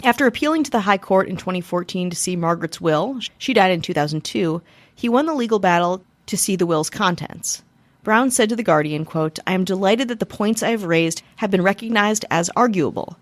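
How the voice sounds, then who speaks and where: A woman's voice: mid-range voice, animated, brisk, dry recording. A woman podcast co-host reading a scripted history segment with joking asides. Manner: laughs often in banter, then reads steadily. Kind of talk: scripted history narration and banter.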